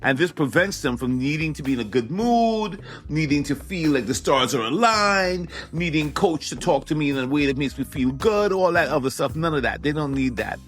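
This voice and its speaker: A man talks through a motivational episode as its host, his voice sitting fairly high for a man and swinging widely in pitch. He hammers his main points by saying them again and again. Soft music plays faintly under his voice. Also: normal speed, few pauses. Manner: animated, emphatic, repeats key phrases. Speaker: podcast host. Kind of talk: motivational talk.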